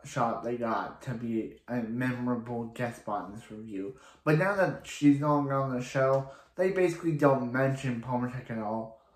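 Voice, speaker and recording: A man's voice: medium pitch, reverberant. A man reviewing a TV episode in a casual, rambling recap full of restarts and filler words.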